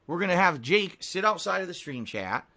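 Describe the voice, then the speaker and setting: A man with a high-pitched, sing-song voice, bright and forceful, talks at a moderate pace. Live-streaming, he speaks unscripted to his chat, ranting heatedly with a lot of swearing.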